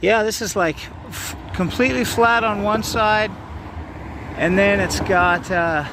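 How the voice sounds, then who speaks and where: A man casually narrating an outdoor vlog by a lake, upbeat and rambling, with plenty of fillers and excited exclamations. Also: high-pitched, unhurried, background noise. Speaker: vlogger.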